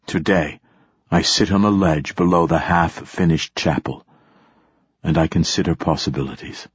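Male audiobook narrator: low, husky, dry and close, solemn and measured, slightly muffled sound. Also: no room sound. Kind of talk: scripted first-person narration. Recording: dull, muffled recording.

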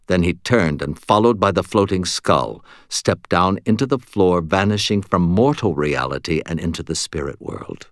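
Deep-voiced male audiobook narrator. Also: expressive, normal speed, few pauses, no room sound, clean studio sound. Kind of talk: first-person scripted narration.

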